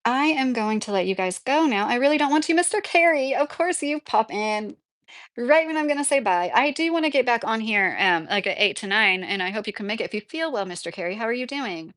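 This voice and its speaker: A woman's voice: fairly high pitch, expressive, a little fast, fairly bright tone. A woman hosting a casual livestream, chatting in a rambling way and answering viewers by name. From Kentucky. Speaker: livestream host reading viewer comments. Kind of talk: casual live-chat talk.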